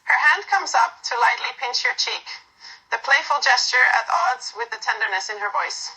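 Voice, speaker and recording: A woman narrating a bright-voiced romance. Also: a little high, animated, normal speed, husky, soft background music, low-quality recording. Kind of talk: second-person romantic story narration.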